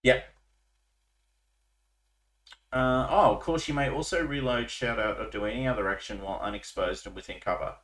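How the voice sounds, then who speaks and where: A man's voice: medium pitch, normal speed, long pauses. Man running a war game, roomy. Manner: relaxed, rule-explaining, many ums. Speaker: game master.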